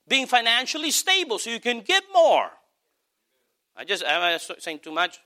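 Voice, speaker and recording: Bright, animated preaching man. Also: very high voice, normal speed. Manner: animated, emphatic preaching with sudden shouts and soft asides. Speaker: pastor. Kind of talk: sermon.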